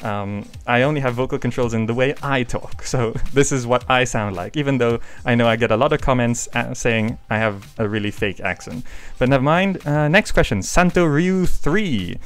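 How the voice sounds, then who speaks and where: Chatty man with a smooth voice. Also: mid-range voice, moderate pace. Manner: rambling, chatty, frequent hesitations. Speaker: gaming channel host. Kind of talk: casual Q&A vlog. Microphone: desk microphone. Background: faint background music.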